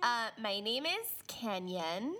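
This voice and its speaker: A woman's voice: fairly high pitch, very animated, slow pace, crowd noise. A woman hosting a podcast, introducing the show in cheerful casual chat, giggling often. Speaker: podcast co-host.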